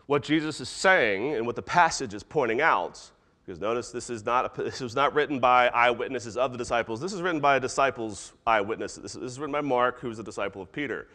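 A man preaching a sermon, animated, acting out quoted voices as he goes. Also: medium pitch, fast, in a large hall. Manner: animated, acts out voices of disciples and God. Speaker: pastor.

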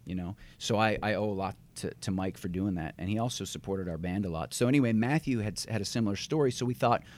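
A man from Newfoundland who talks in a neutral accent, chatting as a podcast guest in an animated, storytelling way with quick restarts. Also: fairly low pitch. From Newfoundland, Canada. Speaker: guest filmmaker. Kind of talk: casual interview chat.

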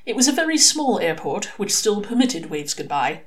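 A woman reading a short story aloud as an expressive audiobook narrator. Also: medium pitch, normal speed. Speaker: reader.

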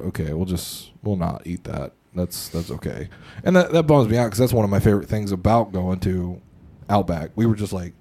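A man's voice: sits low, mellow. A young man co-hosting a podcast, telling a story in a rambling, casual way with lots of fillers and swearing. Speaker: podcast co-host.

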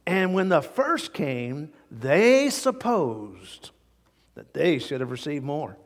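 A man's voice: a little high, sing-song, slow, long reverb tail. A man preaching a sermon verse by verse, acting out the people he quotes and chuckling often. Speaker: pastor. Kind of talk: expository sermon.

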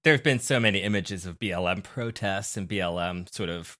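A man with a lowish, bright, forceful voice, chatting casually on a podcast. He giggles a lot as he goes along. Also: brisk. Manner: giggly, laughs often while talking. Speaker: podcast co-host. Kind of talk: casual chat.

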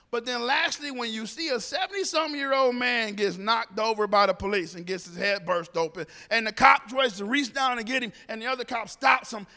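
A man speaking to a group, telling a personal story in an animated way and acting out the dialogue. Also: extremely high pitch, in a large hall.

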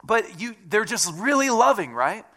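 A man preaching a conversational sermon as a church pastor, with self-deprecating asides and a relaxed, talky delivery. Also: high-pitched, normal speed.

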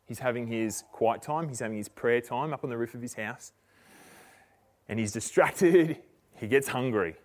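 A man preaching a sermon, retelling a story in a relaxed, chatty way with slang and frequent restarts. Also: mid-range voice.

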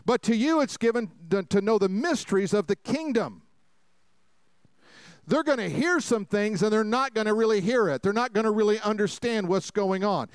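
A pastor preaching a sermon to a congregation, telling stories with jokes and acted-out voices, swinging between loud preaching and quiet asides. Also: male voice, high-pitched, lively intonation, normal speed, clear, resonant tone, no echo. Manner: folksy, jokey storytelling with acted-out quotes. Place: church sanctuary before a congregation.

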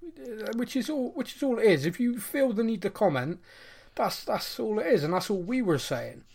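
A man hosting a casual podcast, talking in an animated, jokey, ranting way. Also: sits high, moderate pace, vocal fry, breathy edge. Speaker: podcast host. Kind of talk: casual chat.

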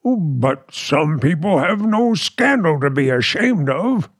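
A stammering timid husband. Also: male voice, a little high, animated, slow, slightly rough, dry recording, studio quality, full character voice. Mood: nervous. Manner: stammering, nervous, pleading. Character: timid frightened husband, Mr. Beaker. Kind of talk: 1940s radio acting.

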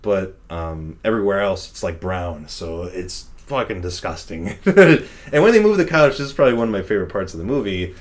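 A young man with a fairly low voice chats casually about a movie, rambling from one thought to the next. He laughs often and swears without a second thought. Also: expressive, normal speed. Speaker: podcast co-host reviewing a movie. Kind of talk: casual chat.

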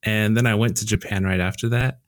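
A man talking casually and telling anecdotes, animated when he quotes other people. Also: fairly low pitch, a little fast, dry recording, studio quality. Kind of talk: casual chat.

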